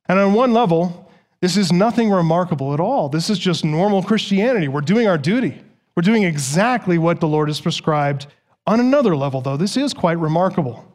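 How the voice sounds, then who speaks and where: A pastor delivering a sermon to his congregation. The man's voice sits high for a man, and he leans hard on key words, repeating them for stress. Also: a little mellow.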